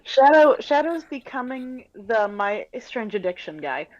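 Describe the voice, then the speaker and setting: A woman's voice: a little high, very animated, measured pace, muffled recording. A woman joining casual comedic chat on a podcast.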